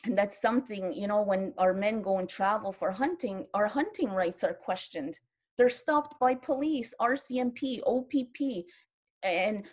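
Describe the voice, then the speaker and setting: A woman's voice: a little high, a little slow, a little mellow. A woman in her fifties from Quebec, speaking as a panelist in an online round-table, earnest and impassioned, often restarting her sentences. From Quebec, Canada. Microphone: video call.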